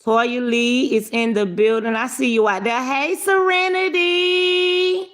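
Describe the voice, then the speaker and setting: Higher-voiced woman on a livestream, loud laughing, cussing, shouting out chat names. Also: steady tone, normal speed. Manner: brash, profane, laughing, greets viewers by name. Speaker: livestream commentary host. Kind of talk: casual livestream commentary.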